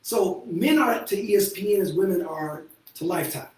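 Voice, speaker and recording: Host-therapist, male, blunt and profane, high voice, distant mic in an echoey room. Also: expressive, normal speed, a little mellow. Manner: blunt, profane, laughing often. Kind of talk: candid casual talk. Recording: echoey room from far off with faint noise.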